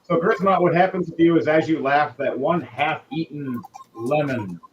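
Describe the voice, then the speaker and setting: A man running a tabletop game as game master, narrating scenes in a casual, lively way with asides. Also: a little high, moderate pace, highs cut off, noisy background.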